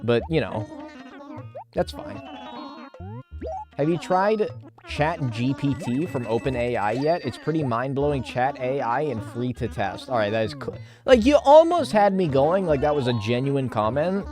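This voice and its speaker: A man's voice: medium pitch, big pitch swings, unhurried, music in the background. A man streaming a game, reading chat aloud and riffing on it with casual swearing.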